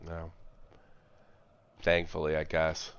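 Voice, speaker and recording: A man's voice: a bass voice, monotone, slow pace, clean tone. A man hosting a casual sports stream chat, swearing freely and laughing between lines. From United States. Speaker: host. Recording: slightly dull lo-fi dry sound.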